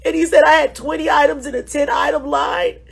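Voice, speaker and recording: A high-pitched woman talks through tears. Her voice breaks as she pleads with her audience and speaks to them directly and warmly. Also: little pitch movement, brisk, vocal fry. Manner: pleading, repeats "y'all". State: tearful, crying. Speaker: state representative. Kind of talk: emotional phone video testimony.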